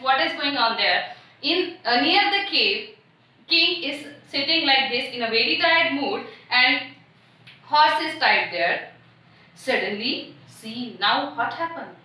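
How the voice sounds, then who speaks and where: A woman teacher with a high, bright voice walks her students through a storybook lesson. She stops often to explain and spell out new words. The sound is roomy and echoing, recorded from some distance off the mic. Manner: explains each word and spells it out slowly; acts out the story's voices with rising pitch. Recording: echoey room from far off the mic.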